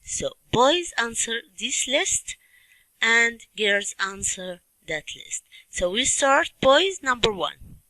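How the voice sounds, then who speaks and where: A woman teaching a children's English lesson, speaking slowly and clearly and repeating questions and word drills. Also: on the high side, sing-song, bright, forceful tone, no room sound, rough recording. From Libya. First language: Arabic.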